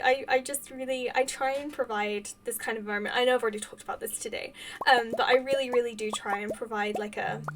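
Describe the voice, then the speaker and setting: Woman, high voice, game streamer, casual chat with viewers, gushing thanks, rambling restarts. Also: recorded from a distance, noisy background. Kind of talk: casual chat with live viewers while gaming.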